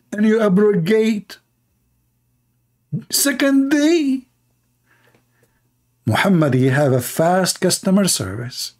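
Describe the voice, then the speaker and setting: In a live-streamed religious debate, a man with a high, darkish voice mocks his opponents sarcastically and laughs at his own jabs. This online debater reads passages aloud, acts out the voices he quotes, and speaks English with non-native grammar.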